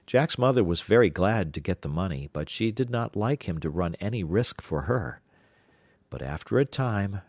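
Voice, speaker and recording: A man with a very low voice narrates a fairy tale in an even, measured way. The recording is close and completely dry, with no room sound. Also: no room sound.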